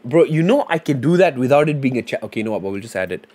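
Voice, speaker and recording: A man's voice: medium pitch, very animated, rapid-fire, warm tone. A man live streaming, chatting loosely with his viewers and thinking aloud as he reads and types suggestions. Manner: thinks aloud and mumbles while reading chat; loose and slangy, with frequent fillers. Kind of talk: casual livestream chat.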